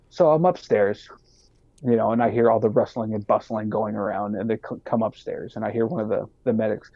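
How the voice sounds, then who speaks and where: This lower-pitched army sergeant talks quickly as a podcast guest, recounting a story in a casual, profane way and performing other people's voices with animation. The audio is dull, with no room sound.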